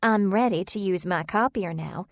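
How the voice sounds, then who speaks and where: A woman's voice: mid-range voice, moderate pace, no room sound, lightly acted. A woman voicing a haughty, petulant shop manager who grumbles and snipes, in a dry audiobook reading. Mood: snide grumbling. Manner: grumbling and snide. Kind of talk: audiobook character voice.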